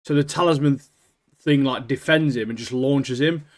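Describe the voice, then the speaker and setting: A man chats casually on an anime podcast, his voice sitting at an ordinary middle pitch. He rambles loosely, peppering his talk with fillers and easy laughter. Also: moderate pace. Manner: rambling, laughs often, lots of "like" and "mate". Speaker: podcast co-host.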